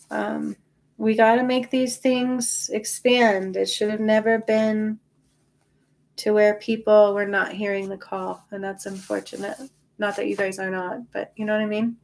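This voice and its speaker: A woman of middle pitch talks in a casual livestream, tired but reassuring, answering her viewers one by one. Her voice comes through a phone or webcam mic. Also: level tone, normal speed, gravelly. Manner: chatty, reassuring, reads and answers viewer comments. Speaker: spiritual livestream host.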